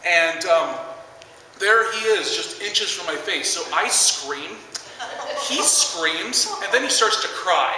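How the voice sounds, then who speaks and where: A man's voice: high voice, lively intonation, takes it slowly, pushed and bright, heavy reverb, long reverb tail, far from the mic, a little hiss or hum, poor audio. A man in his twenties doing stand-up, rambling through a story with lots of fillers. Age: 20s. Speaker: stand-up comedian. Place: large theater stage.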